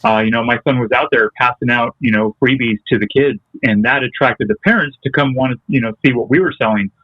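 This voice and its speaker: A man's voice: mid-range voice, quick pace, husky, dry recording. A male interview guest who talks in a casual, hesitant way and often stops to restart a thought. His voice comes through a narrow, tinny, phone-like line that sounds dry. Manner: hesitant, with many ums and restarts. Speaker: interview guest, detailing business owner. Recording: tinny, phone-like remote call audio.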